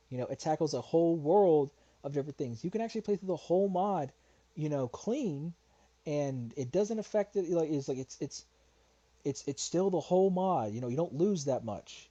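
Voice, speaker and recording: A man's voice: a little high, mellow, lo-fi sound. A man giving reaction commentary in an argumentative, lecturing way, his voice getting worn. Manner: argumentative, lecturing, repeats "all right?". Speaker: commentary youtuber.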